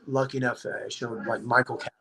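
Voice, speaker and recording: A man telling a story on a podcast, in a rambling, animated way, leaning hard on "like.". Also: mid-range voice, quick pace, vocal fry, breathy edge, low-quality recording. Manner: rambling, animated, heavy use of "like". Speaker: podcast guest. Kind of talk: casual storytelling chat.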